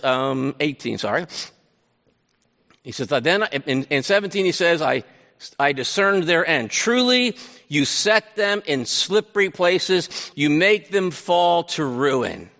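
A man preaching a sermon, paraphrasing scripture in a conversational, animated way with frequent restarts. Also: on the high side, in a large hall. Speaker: pastor.

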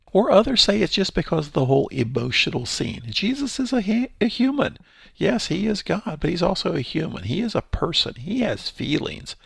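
Gravelly-voiced man teaching Scripture. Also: mid-range voice, no room sound, clean studio sound. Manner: reads scripture then explains it in a relaxed, thinking-aloud way. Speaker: Bible teacher. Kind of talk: Bible study commentary.

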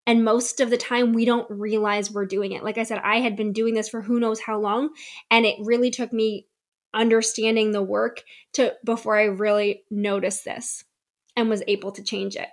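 A woman's voice: mid-range voice, little pitch movement, normal speed. A young adult woman from the United States hosting her own podcast, telling a personal story in a candid, reflective way. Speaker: podcast host. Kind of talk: solo podcast talk.

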